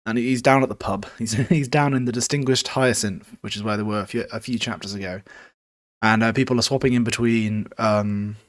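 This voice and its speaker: Low-voiced man recapping a book. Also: steady tone, fairly quick, no room sound, clean studio sound. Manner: rambling, sweary, self-correcting with fillers. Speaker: podcast host.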